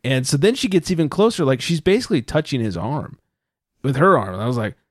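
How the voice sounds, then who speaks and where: A man telling a story on a casual podcast, profane and animated, with loud outbursts when he quotes himself. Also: medium pitch, fast, no room sound, studio quality. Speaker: podcast co-host. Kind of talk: casual chat.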